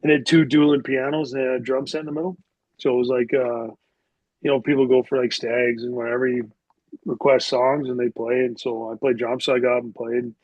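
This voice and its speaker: A man's voice: mid-range voice, flat delivery, fairly quick, darkish tone, no room sound. A middle-aged man tells casual stories as a podcast guest. He rambles freely and leans on filler words. The recording sounds dull and lo-fi in a dry, close space. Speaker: podcast guest, former hockey player. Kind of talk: casual storytelling.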